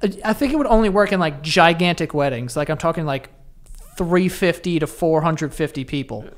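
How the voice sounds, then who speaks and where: Young dude hosting a podcast, chill and jokey, cusses a lot. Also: male voice, fairly high pitch, brisk. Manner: laid-back, joking, swears a lot. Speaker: podcast host. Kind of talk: casual chat.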